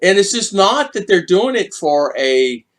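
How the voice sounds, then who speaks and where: An American man hosts a casual livestream, chatting with viewers and greeting them by name. His voice sits high and he's unhurried, animated, and quick to chuckle.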